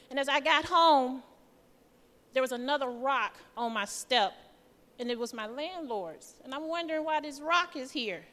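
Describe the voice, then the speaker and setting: A woman's voice: high-pitched, normal speed, a bit bright. A woman giving a testimony sermon in church, telling her story in a nervous, chatty way and acting out the voices of the people in it. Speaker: church member preaching. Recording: reverberant church hall.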